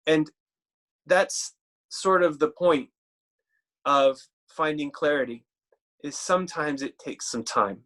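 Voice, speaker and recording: A man preaching a sermon in a conversational, halting way, with frequent restarts and slower, weightier reading of scripture. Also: a little high, a bit bright.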